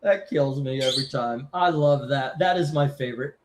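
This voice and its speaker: A man hosting a live comic book auction stream, chatting casually and pitching deals with excitement. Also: normal speed, noisy background.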